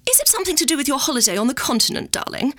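A woman's voice: sits high, sing-song, rapid-fire, a bit bright, voice pushed up. A woman putting on the voice of her own prim, pompous older mother, who gushes and is easily scandalised.

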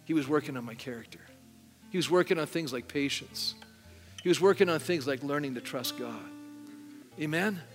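A middle-aged man with a fairly high voice preaches at a moderate pace in a church sanctuary, giving a sermon with an altar call. He speaks in a conversational way and often asks the congregation questions, and the recording has long hall reverb and faint music.

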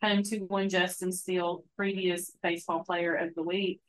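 A woman's voice: fairly low pitch, level tone, normal speed, fairly bright tone, low-quality recording. A woman from Mississippi, co-hosting a podcast, telling stories and teasing. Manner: storytelling, teasing. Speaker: podcast co-host. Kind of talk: casual chat.

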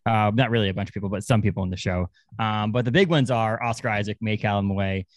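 A man co-hosting a podcast in casual chat, rambling and animated, often restarting his sentences. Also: lowish voice, fast, no room sound. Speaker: podcast co-host.

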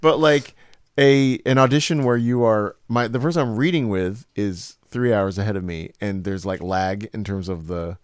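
A man co-hosting a casual chat, telling stories in an animated way. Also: fairly low pitch, moderate pace, clear, resonant tone, no room sound, studio quality. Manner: animated storytelling, puts on accents from scripts. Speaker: podcast co-host.

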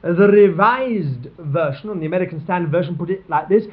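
A man's voice: high voice, expressive, a little fast, few pauses. A man preaching a sermon, earnest and emphatic, his voice rising on exclamations. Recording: tinny lo-fi sermon recording.

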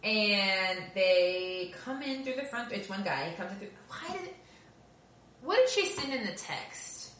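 A woman's voice: medium pitch, measured pace, few pauses. Giggly woman co-hosting a movie chat. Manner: giggly, animated retelling. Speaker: podcast co-host. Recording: roomy echo with faint background noise.

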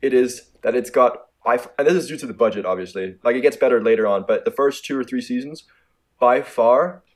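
A man's voice: medium pitch, a little mellow. A young man co-hosting a podcast, rambling through stories with lots of restarts and laughing at himself. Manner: rambling, self-mocking, quick to laugh. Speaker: podcast co-host. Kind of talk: casual chat.

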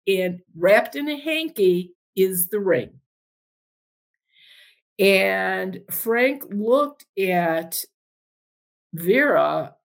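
A woman and podcast host telling a long personal anecdote, chatty and animated as she acts out the dialogue. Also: mid-range voice. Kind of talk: storytelling anecdote.

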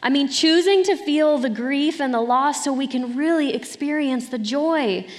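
A woman's voice: high-pitched, normal speed, long reverb tail. A middle-aged woman pastor preaching a sermon in an earnest, conversational way, with light laughs between points.

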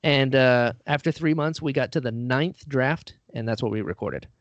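A man's voice: mid-range voice, normal speed, no echo. A man, a guest on an interview show, telling a story in a casual, self-deprecating way, acting out the voices he quotes. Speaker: podcast guest, actor and writer. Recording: dull lo-fi dry recording.

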